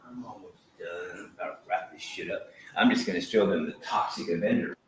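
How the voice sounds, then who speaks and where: Casual livestreamer, middle-aged man, lowish voice, rambling and cussing, faint hiss in a roomy space. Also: a little fast. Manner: rambling, swears casually, shifts into loud scolding and prayer. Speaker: vlogger livestreaming with his dogs.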